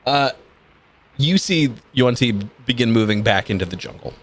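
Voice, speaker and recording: A man narrating as game master of a tabletop game, describing scenes in a relaxed way with frequent ums and uhs. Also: medium pitch, moderate pace.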